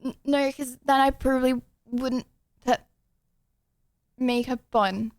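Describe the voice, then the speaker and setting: A woman's voice: high voice, steady tone, slow pace, a little mellow, dry recording. A young woman streaming, chatting casually with her audience, giggling and rambling with lots of ums. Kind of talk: casual live-stream chat.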